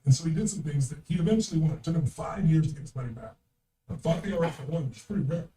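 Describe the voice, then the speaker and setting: An older man tells a story in an emphatic, blunt voice. His voice sits high but sounds mellow. It echoes around a roomy space, picked up from a distance, with faint noise underneath. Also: expressive, very fast. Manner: emphatic, blunt, swears freely. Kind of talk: anecdotal storytelling.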